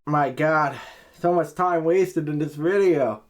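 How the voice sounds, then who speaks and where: Speaking slowly in a fairly high voice, a man delivers a profane comedic rant straight to the camera. It's exasperated and rambling, constantly stopping and starting again.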